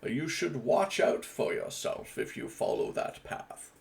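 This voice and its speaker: A man voicing a cautious male stranger who gives a slow, measured warning. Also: medium pitch, expressive, creaky, voice pushed up.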